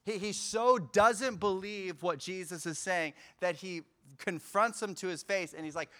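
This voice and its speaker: A man preaching a sermon in a relaxed, conversational way, acting out quotes with bursts of energy. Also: high voice, a little slow. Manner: conversational, animated retelling with acted-out quotes. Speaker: pastor.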